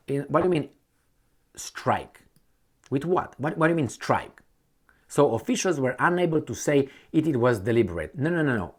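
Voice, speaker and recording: Guy ranting about politics, sarcastic, keeps asking what do you mean, voice jumps all over. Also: medium pitch. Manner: sarcastic, heated rhetorical questions; combative, blunt. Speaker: political commentator. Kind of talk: opinion monologue.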